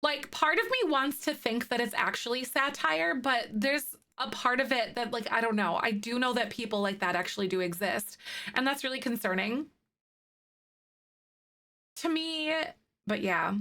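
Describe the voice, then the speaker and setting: A woman's voice: a little high, animated, normal speed, bright, forceful tone. A young woman streaming a game live, chatting casually with her viewers and reacting to their messages. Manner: chatty, reacting to chat with laughs and fillers. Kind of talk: casual live-stream chat while playing.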